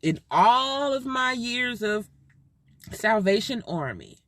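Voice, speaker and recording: A woman recounts a personal story to her viewers in a casual, emotional way, circling back to the same points for emphasis. Her voice sits a little high and swings widely in pitch. The sound is close and dry. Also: very animated, takes it slowly, a bit bright, no echo. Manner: emotional, heartfelt, repetitive. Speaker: mother telling a personal story.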